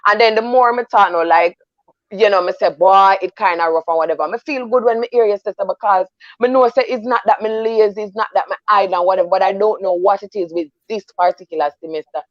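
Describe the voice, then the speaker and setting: A woman's voice: medium pitch, quick pace, no echo, muffled recording. A woman with a Jamaican accent on a discussion panel, speaking animatedly and slipping between standard English and patois.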